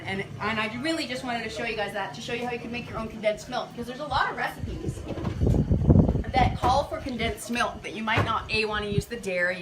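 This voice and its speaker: A woman hosting a casual live cooking demo, chatty and full of fillers, talking to viewers as you guys. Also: a little high. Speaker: cooking show host. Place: kitchen counter. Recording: clattering kitchen dish noise. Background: cutlery and pot clatter.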